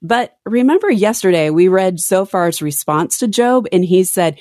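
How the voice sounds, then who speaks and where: A woman's voice: medium pitch, normal speed, hardly any pauses, no room sound, studio quality. A woman co-hosting a podcast, chatting casually about a Bible reading, quoting verses and breaking off mid-thought. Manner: expressive, reads scripture aloud, self-interrupting. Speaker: podcast co-host. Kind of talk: casual Bible study chat.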